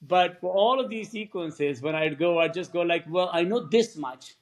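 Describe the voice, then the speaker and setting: A man, a film director, telling lively stories in a podcast interview and acting out what other people said. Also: high-pitched, normal speed. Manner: animated anecdotes, acts out quoted voices.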